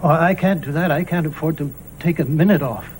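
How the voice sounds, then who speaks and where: A man's voice: on the high side, fairly quick, a little mellow, a little hiss or hum, natural voice, low-quality recording. An actor playing a weary, deferential male worker in a 1970s period TV drama. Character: worn-out humble male worker.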